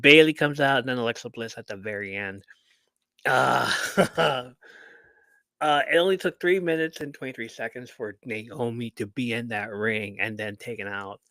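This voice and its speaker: A man hosting a podcast, recapping a wrestling match in casual chat. He tells it as a lively story, acting out what people said and swearing lightly. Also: mid-range voice, moderate pace, no echo, clean studio sound. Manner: animated storyteller who acts out quotes and swears casually. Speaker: podcast host.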